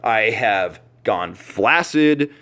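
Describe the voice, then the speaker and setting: A young man telling a comic story to camera, swearing freely with deadpan asides. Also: fairly low pitch, extremely slow. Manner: profane, animated, deadpan asides. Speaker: vlogger.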